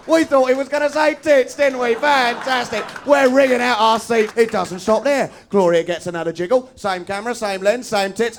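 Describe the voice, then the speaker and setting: A male stand-up comedian on stage, tearing through a sarcastic, rapid-fire rant. His voice sits high for a man and has a gravelly rasp to it. It sounds like a live show recorded on a stage microphone. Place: live show in front of an audience.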